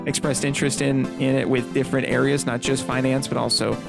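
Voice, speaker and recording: Man, easygoing podcast co-host, gravelly creaky voice, clear music underneath. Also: medium pitch, flat delivery, fast talker. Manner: easygoing, jokey banter. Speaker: podcast co-host and small business owner. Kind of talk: casual podcast chat.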